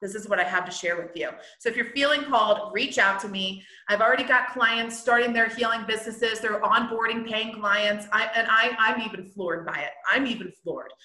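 Woman podcast host, casual monologue, excited and blunt, swears freely, bright forceful tone, roomy echo. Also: on the high side, fairly quick, few pauses. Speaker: podcast host and healer business coach.

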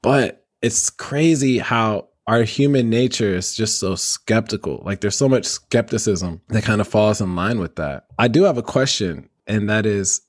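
A man hosting a podcast in casual chat, animated and joking, swearing freely. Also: fairly low pitch, measured pace, few pauses. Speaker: podcast host.

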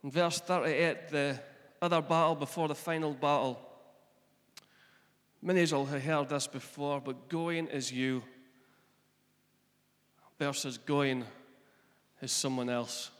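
A man's voice: fairly high pitch, steady tone, unhurried, pauses often. A man with a Scottish accent preaching a sermon, retelling scripture in plain everyday speech. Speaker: pastor. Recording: long echo of a large hall.

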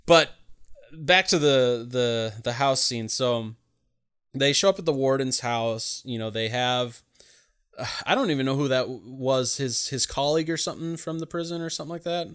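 Man with a smooth, clear voice. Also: medium pitch, moderate pace. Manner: rambling, profane, animated storytelling. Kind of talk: casual chat recapping a film.

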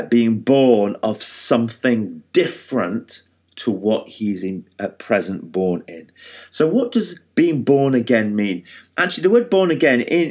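A man preaching a sermon in a conversational way, with restarts and fillers. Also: mid-range voice.

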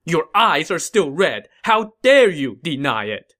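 A man's voice: mid-range voice, lively intonation, unhurried, sharp tone. A man voicing a ruthless, domineering male regent with a scornful, accusing manner. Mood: furious.

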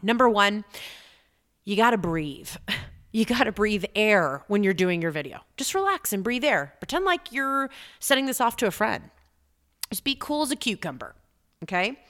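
A middle-aged woman hosting a podcast as a business coach, talking in an energetic, chatty way and repeating points for emphasis. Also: mid-range voice. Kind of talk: motivational podcast talk.

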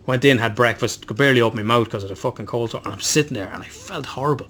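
A man's voice: medium pitch, rapid-fire, fairly bright tone, a little hiss or hum. A man, co-hosting a podcast and telling a long rambling story, swearing constantly and poking fun at himself. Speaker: podcast co-host. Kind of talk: casual chat.

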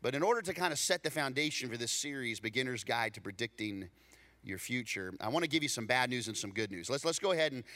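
A man preaching a storytelling sermon, animated, acting out dialogue and repeating words when excited. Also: mid-range voice, fast talker. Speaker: pastor.

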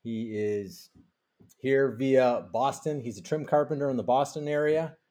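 A man's voice: medium pitch, measured pace, dark tone. A man hosting a podcast, giving an upbeat intro and chatting with guests. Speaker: podcast host. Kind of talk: podcast intro and casual chat.

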